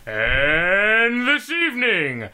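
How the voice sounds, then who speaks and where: A man's voice: sits high, huge pitch swings, pushed and bright, smooth, pitched above the performer's own voice, exaggerated voice. A man imitating a theatrical ring announcer who stretches out every word. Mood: announcing. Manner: slow, drawn-out, theatrical.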